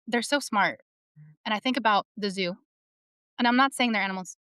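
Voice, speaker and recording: A woman's voice: mid-range voice, fairly quick, clear, resonant tone, no echo, studio quality. A woman in her thirties talking candidly and animatedly in a casual discussion, telling stories and swearing freely. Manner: candid, profane, animated storytelling. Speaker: panel speaker.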